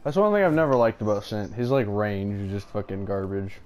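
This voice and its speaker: Brief: young male gamer, very animated swings in pitch, curses and laughs through the match, faint noise behind. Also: brisk. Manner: swearing, frequent laughing, competitive trash talk. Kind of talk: casual gaming chat.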